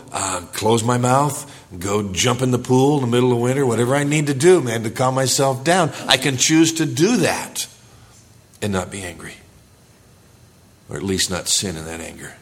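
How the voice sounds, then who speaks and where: A male pastor preaching a sermon in church, earnest, rising for emphasis and dropping low and quiet.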